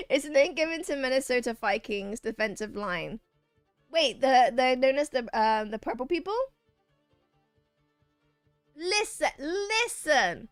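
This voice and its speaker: A woman with a high, bright-pitched voice chats with her viewers while she plays a game. She reads their messages aloud and teases them back. The sound is dry and close, with faint game music behind her. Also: lively intonation, slow, pauses often, no room sound. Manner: playful, chatty, reads chat messages aloud and banters back. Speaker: streamer playing a video game. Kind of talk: casual chat with a live chat while gaming.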